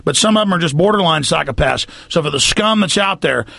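A middle-aged man hosts a heated talk radio interview, fiery and denouncing. His voice sits high, gravelly and husky, with a tense, bright edge. The sound is dry and close. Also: expressive, fairly quick, dry recording. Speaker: radio talk show host.

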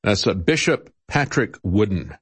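A man's voice: lowish voice, big pitch swings, unhurried, a bit bright, breathy edge. A man hosting political commentary, talking in a sarcastic, mocking way with chuckles and many "uh" fillers. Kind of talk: opinionated radio-style commentary.

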